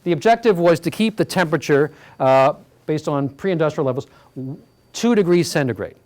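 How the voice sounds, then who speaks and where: A man's voice: fairly high pitch, animated, fairly quick, a little mellow. A man giving a community lecture on slides, conversational and full of fillers, checking in with the audience. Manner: conversational, full of fillers and "all right?" asides. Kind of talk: public talk with slides. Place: community hall talk.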